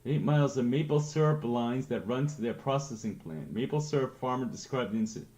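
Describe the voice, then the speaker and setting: Lively-voiced man streaming late at night. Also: medium pitch, a little fast. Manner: rambling, reads aloud with laughs. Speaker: livestreamer. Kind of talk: casual late-night livestream chat.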